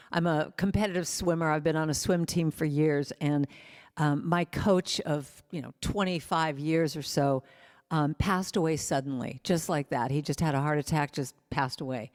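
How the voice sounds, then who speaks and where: A woman's voice: fairly low pitch, darkish tone, big-room sound. A woman giving a spiritual talk as a guest speaker and musician at a spiritual center, telling personal stories and now and then singing short snippets. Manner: personal storytelling, breaks into sung snippets.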